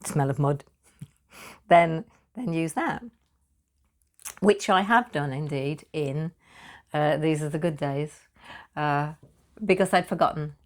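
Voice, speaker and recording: Chatty British woman perfumer, fairly low voice. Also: slow, pauses often. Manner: chatty, laughing, repeats words when excited. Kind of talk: casual talk on perfume materials.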